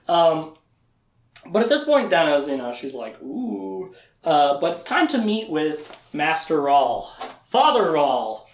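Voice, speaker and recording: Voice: medium pitch, sing-song, unhurried, reverberant. A podcast host giving a casual, chatty recap of a fantasy novel with laughing asides.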